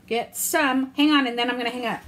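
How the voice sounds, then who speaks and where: A woman's voice: on the high side, steady tone, very fast, a bit bright, a little hiss or hum. Chatty middle-aged woman, candid and rambling. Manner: candid, rambling, self-deprecating, mild cursing. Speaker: vlogger. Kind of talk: casual chat to camera.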